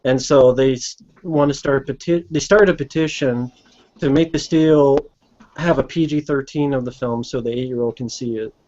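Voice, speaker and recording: A man's voice: mid-range voice, steady tone, normal speed, darkish tone, lo-fi sound, a little hiss or hum. A man co-hosting a casual movie commentary, explaining things in a dry, matter-of-fact way. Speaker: commentary co-host.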